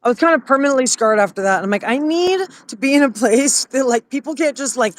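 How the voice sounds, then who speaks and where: A man's voice: extremely high pitch, lively intonation, quick pace, dry recording. A man co-hosting a comedy podcast, laid-back with crude banter. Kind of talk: casual comedic chat.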